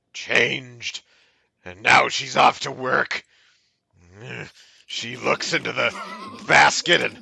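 A man co-hosting a comedy podcast, reading a poem aloud in a slow, mock-solemn way. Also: on the high side, gravelly, pushed and bright. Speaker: podcast co-host reading poems. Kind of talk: comic dramatic poetry reading.

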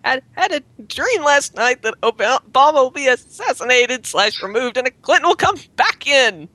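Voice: sits high, very animated, moderate pace, pushed and bright, no room sound, full character voice. A podcast co-host reading a post in the voice of a paranoid, conspiracy-minded woman who stammers and repeats herself. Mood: rattled.

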